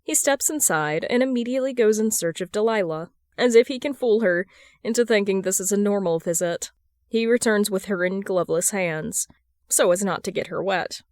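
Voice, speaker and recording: A woman reading a fan fiction story aloud as a podfic narrator, in a steady storytelling manner. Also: mid-range voice, normal speed, no echo, studio quality. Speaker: podfic reader.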